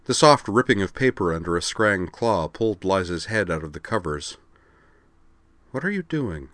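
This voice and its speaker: A man narrating a story aloud in a steady, measured way. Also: low voice, no room sound. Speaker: story reader. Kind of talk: audiobook narration.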